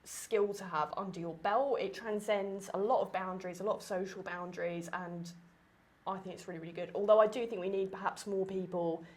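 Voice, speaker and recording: A woman talks casually as a podcast host, full of fillers and quick asides. Her voice is stuffy and congested, and she sounds tired. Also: medium pitch. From Essex, England. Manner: chatty, animated, many fillers. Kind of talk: casual conversation.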